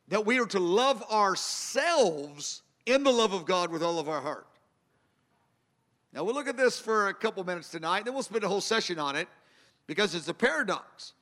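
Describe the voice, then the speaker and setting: A man's voice: sits high, pushed and bright. A man preaching a sermon, earnest and emphatic, circling back to repeat his key phrases. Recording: long hall reverb.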